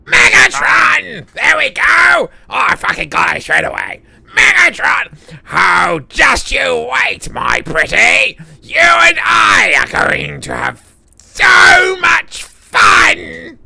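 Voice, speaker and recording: A screeching robot villain. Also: male voice, extremely high pitch, wildly swooping pitch, creaky, pitched above the performer's own voice, exaggerated voice. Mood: gloating. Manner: shouted, drawn-out villain taunts. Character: screeching male robot villain, gloating and menacing.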